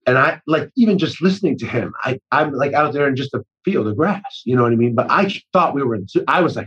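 A husky-voiced man in his forties talks loosely and at length. He trips over restarts and slips into acted-out quotes. The audio sounds a little dull and muffled. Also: medium pitch, lively intonation, fast, hardly any pauses, fairly bright tone. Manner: rambling, self-interrupting with many restarts and acted-out quotes. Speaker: actor-director guest. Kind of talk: casual storytelling conversation.

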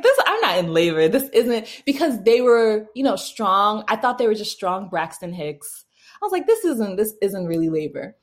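A young adult woman telling a personal story casually, with frequent laughs, fillers and restarts. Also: medium pitch. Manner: chatty, laughing often, many fillers and restarts. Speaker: mother telling her birth story.

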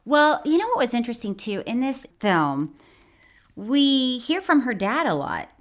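A woman's voice: a little high, big pitch swings, unhurried. A woman co-hosting a comedy podcast, chatting casually and laughing often. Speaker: podcast co-host.

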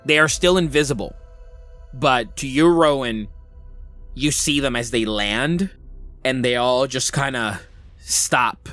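Brief: male game master, slow unhurried narration, faint music bed. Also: mid-range voice, fairly bright tone, dry recording. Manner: slow descriptive narration with fillers.

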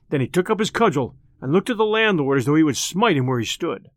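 A man reading a classic tale aloud as an audiobook, in an expressive, lilting way. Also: on the high side, fast talker, hardly any pauses, no room sound, clean studio sound. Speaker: storyteller.

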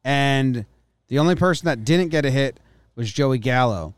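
A man's voice: medium pitch, animated, normal speed, clear, resonant tone, no room sound. A man co-hosting a casual sports podcast, teasing his partner and citing stats in a dry way. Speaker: podcast co-host.

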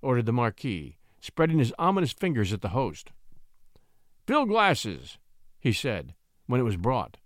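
Dramatic male audiobook narrator; very animated, dry close sound. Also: medium pitch, normal speed, no room sound. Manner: expressive, theatrical.

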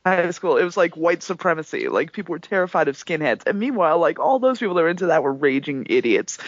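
A woman's voice: low-pitched, sing-song, fast talker, no room sound. A woman co-hosting a podcast in casual chat, eager and saying "like" a lot. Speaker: podcast co-host. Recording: slightly dull lo-fi audio.

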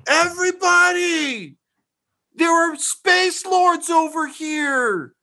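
A man voicing an excitable male peasant who yells in a very high, shrill voice. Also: takes it slowly. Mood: shouting. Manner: shrill, panicky, shouting.

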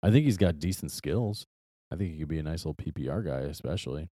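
Deep, mellow, hesitant man. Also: animated, quick pace, no room sound, studio quality. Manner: hesitant, full of restarts and "um"s, blunt opinions. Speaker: podcast co-host. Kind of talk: casual sports chat.

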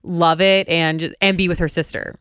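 A young adult woman co-hosting a podcast in casual chat, telling stories in an upbeat, animated way. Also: lowish voice, normal speed, clear, resonant tone, no room sound, studio quality. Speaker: podcast co-host.

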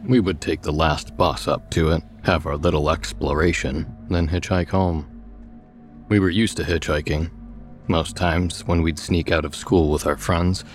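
Very deep-voiced male storyteller. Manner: measured, steady storytelling. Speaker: narrator. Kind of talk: scripted story narration.

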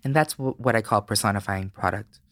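A man in his late twenties from Florida, a podcast guest telling stories in an animated, casual way and swearing freely. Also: lowish voice, fairly quick, no room sound. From Florida, United States. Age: late 20s. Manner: animated, swears freely, acts out voices in anecdotes. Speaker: guest, beauty creator. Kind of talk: casual interview storytelling.

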